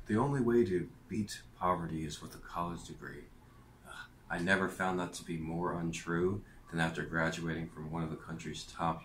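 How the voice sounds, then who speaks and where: A man's voice: rumbling low, a bit bright, roomy sound, a little hiss or hum. A man telling a rambling personal story in a vlog rant, meandering with lots of fillers and restarts. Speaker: vlogger.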